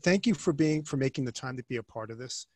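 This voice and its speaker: A man's voice: medium pitch, animated, fast talker, darkish tone, husky, no room sound. A man co-hosting an online panel, giving upbeat, complimentary thanks over a video call. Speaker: co-host of the forum.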